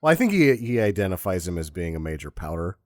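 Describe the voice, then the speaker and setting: A man chatting on a podcast, trading wry jokes about a movie and slipping into character voices. His mid-pitched voice moves a lot, and the recording is close and dry. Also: big pitch swings, fast, a little mellow, dry recording. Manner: wry, joking, mimics the characters. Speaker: podcast co-host. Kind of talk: casual movie-recap chat.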